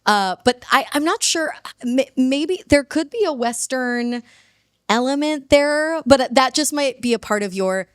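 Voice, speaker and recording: A woman from Baltimore talking as a guest on a podcast, chatty and quick with upspeak, vocal fry and frequent laughs. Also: high-pitched, lively intonation, no echo, clean studio sound. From Baltimore, USA. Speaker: guest sociolinguist. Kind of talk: casual interview chat. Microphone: podcast microphone.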